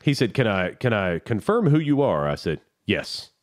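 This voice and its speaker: A man co-hosting a podcast, telling a story in a casual, profane, animated way. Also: on the low side, normal speed. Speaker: podcast co-host. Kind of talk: casual chat.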